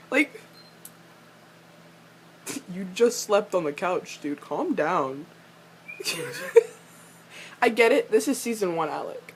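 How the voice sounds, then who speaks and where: A woman's voice: takes it slowly, long pauses, husky. A young woman giving a casual fan recap of a TV episode, gushing and ranting at the characters, swearing freely and laughing often. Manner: excitable, swears a lot, gushes and rants at characters; laughs often, squeals high when excited. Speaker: fan reviewer reacting to a TV episode.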